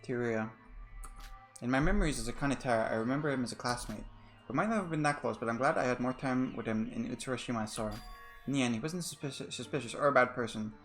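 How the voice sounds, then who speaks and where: A man's voice: mid-range voice, fast talker, soft background music. A man playing a story game who reads its dialogue aloud in a plain voice and drops blunt asides of his own. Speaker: let's player.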